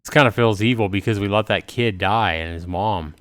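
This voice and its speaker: A man's voice: fairly low pitch, a little fast, fairly bright tone. A man casually commenting while livestreaming a game and reading its lines aloud. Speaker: gaming livestreamer. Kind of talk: casual let's-play commentary.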